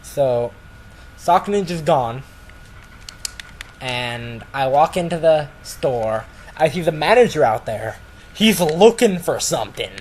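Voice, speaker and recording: Casual male storyteller, unhurried, slightly high, rambling delivery with many fillers. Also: a little mellow, slight background noise, rough recording. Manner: rambling, full of "like" and restarts.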